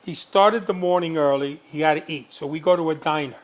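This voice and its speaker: A man telling stories as a guest in an interview, animated and full of fillers. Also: on the high side, brisk. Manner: animated anecdotes, frequent fillers. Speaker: guest, former undercover agent. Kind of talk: storytelling interview.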